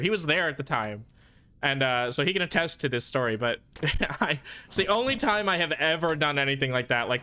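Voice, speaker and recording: Here the man sounds a little high, with a sharp, clean tone. While streaming a game, he rants profanely and puts himself down, spinning a meandering story for his chat in a casual way.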